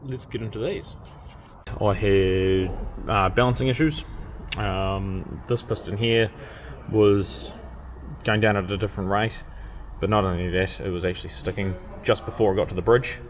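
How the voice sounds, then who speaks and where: A man with a croaky voice from a cold, talking plainly and methodically through car repairs in a casual workshop vlog. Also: lowish voice, steady tone, normal speed, a little hiss or hum. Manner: plain, methodical technical talk with fillers. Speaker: mechanic and channel host.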